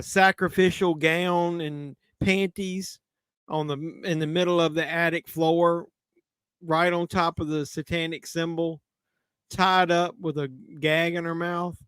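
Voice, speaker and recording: A livestream host with a Southern drawl chats loosely through a movie watch-along, joking as he drinks. His voice is a little high, a bit bright, smooth, and clear. The recording is dry, with no room sound or echo.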